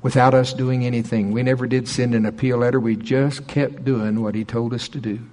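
Middle-aged male pastor, lively storyteller who acts out the people he quotes. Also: brisk. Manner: animated storyteller, voices quoted people in a higher pitch. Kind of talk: sermon storytelling.

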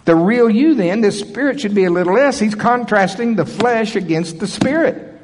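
A man preaches to his congregation in an animated way, rising to loud, high bursts and dropping to soft asides. His voice runs a little high and husky, and it rings in a reverberant hall. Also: moderate pace. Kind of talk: sermon. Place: church service.

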